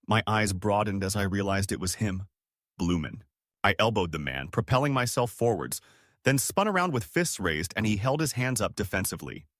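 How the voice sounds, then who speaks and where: A young man narrating a horror story in a dramatic, expressive way. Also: on the low side, normal speed, no echo, studio quality. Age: young adult.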